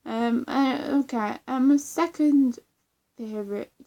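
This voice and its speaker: A woman's voice: high-pitched, takes it slowly, dark tone, highs cut off. Rambling, giggly young woman. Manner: rambling, giggly, many fillers and restarts. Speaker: vlogger. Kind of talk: casual chat.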